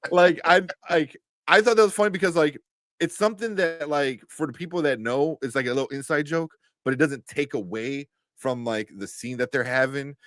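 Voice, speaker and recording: A man co-hosting a casual show review chat, animated and laughing often, with lots of fillers. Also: a little high, moderate pace, dry recording, studio quality. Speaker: podcast co-host.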